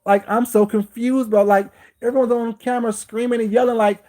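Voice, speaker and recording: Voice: mid-range voice, flat delivery, fairly quick, hardly any pauses, darkish tone. A livestream host delivering a heated, confrontational rant, repeating points and breaking off to greet viewers by name.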